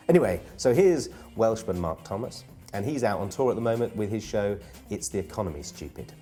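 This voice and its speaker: A man's voice: fairly low pitch, animated, brisk, hardly any pauses, dark tone, soft background music. A man hosting a comedy gig guide in a playful, self-mocking way, wandering off into rambling asides. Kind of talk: jokey scripted presenting.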